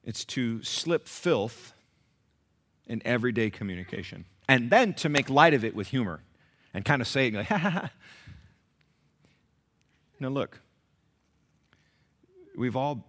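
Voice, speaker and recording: Emphatic pastor with a low voice. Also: male voice, normal speed. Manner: emphatic, rhetorical questions, animated. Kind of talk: sermon.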